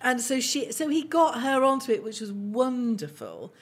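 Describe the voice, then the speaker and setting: A woman's voice: a little high, sing-song, normal speed, husky. A woman in casual chat, sympathetic and chatty, telling family anecdotes.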